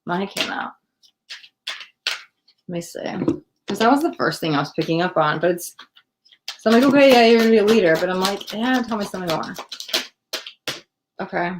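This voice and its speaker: A woman hosting a live psychic tarot reading, talking straight to the viewer in a chatty, excitable way and often breaking off mid-sentence. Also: fairly low pitch, fairly quick, long pauses, background noise. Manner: chatty, excitable, self-interrupting, addresses viewer directly. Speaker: psychic tarot reader, host.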